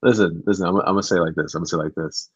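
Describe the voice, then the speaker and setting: A man's voice: deep voice, fairly even intonation, rapid-fire, slightly rough, no room sound, muffled recording. A man hosting a live stream and reading the chat, talking hesitantly with many restarts. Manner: hesitant, restarts a lot, repeats "listen".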